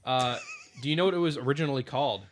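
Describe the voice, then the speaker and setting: A man's voice: medium pitch, racing, slight background noise. A man co-hosting a podcast in casual chat, reading out food trivia and stumbling over foreign names. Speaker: podcast co-host.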